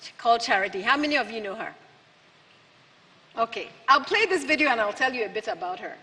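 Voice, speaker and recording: A woman's voice: on the high side, expressive, a little fast, pushed and bright. A woman giving a public speech, emphatic and asking the audience rhetorical questions. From Nigeria. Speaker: keynote speaker. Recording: long hall reverb from a venue.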